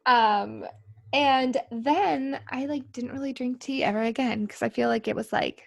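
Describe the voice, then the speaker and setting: A woman's voice: high-pitched, a little slow, gravelly. A woman co-hosting a podcast in casual chat, playful and rambling. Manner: playful, rambling, trails off and laughs. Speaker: podcast co-host.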